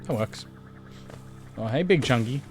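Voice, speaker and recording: A man's voice: mid-range voice, expressive, unhurried, soft background music. A man streaming a game with casual, jokey, self-mocking commentary.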